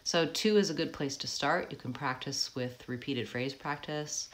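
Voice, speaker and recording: This woman from America coaches accents and is running a pronunciation lesson live. Her voice is low, and she patiently walks through each word slowly, dropping in frequent ums.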